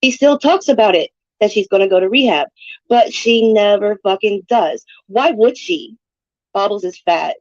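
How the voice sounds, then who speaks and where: A woman's voice: medium pitch, normal speed, no room sound. A woman livestreaming, talking in a brash, profane and mocking way. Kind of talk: casual livestream rant. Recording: dull lo-fi stream audio.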